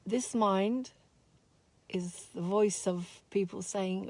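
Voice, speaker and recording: A woman speaks slowly and softly, heartfelt and openly sad as she teaches her spiritual course. Her voice has a gravelly, fry-laden texture. The recording is dry and close, with no room sound. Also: mid-range voice, no echo. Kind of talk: reflective spoken talk.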